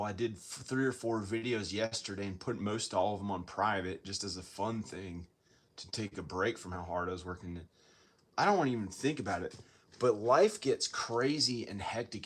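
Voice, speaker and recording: A man casually rambling through a home vlog, halting and self-deprecating as he shows his books. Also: on the low side, slightly rough. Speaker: vlogger showing his book collection.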